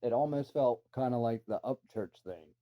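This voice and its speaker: A man tells a rambling personal story casually, swearing freely and throwing in incredulous asides. His voice is medium in pitch at a normal speed, on a dull lo-fi recording.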